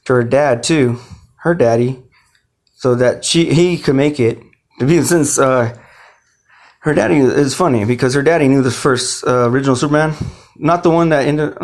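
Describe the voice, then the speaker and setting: Man, mid pitch, unscripted heated monologue, swears freely, loses the thread and restarts. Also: a little mellow. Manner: emotional, rambling, swears often, restarts sentences. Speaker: speaker telling his own story. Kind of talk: rambling personal monologue.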